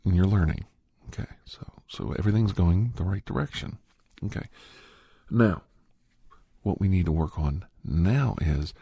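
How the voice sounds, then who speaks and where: Husky low-voiced man in whispered role-play. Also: dark tone, no room sound, studio quality. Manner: rambling, coaxing, half-whispered advice.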